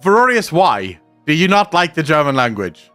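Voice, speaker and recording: With soft background music, a man speaks at normal speed in a high, sing-song voice with a sharp tone. He's a South African native Afrikaans speaker using accented English, casually swearing while he replies to comments from his live-stream viewers.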